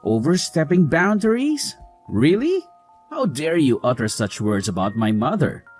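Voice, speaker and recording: A man's voice: medium pitch, huge pitch swings, moderate pace, a little mellow. An actor playing a dismissive, mocking husband who defends his mother, over faint music. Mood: indignant.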